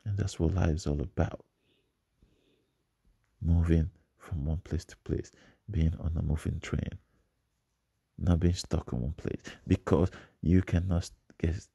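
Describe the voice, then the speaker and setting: A man's voice: low voice, creaky, dark tone, slightly rough, dry recording, studio quality. A man giving a motivational speech, emphatic and repeating his phrases for effect. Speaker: motivational speaker.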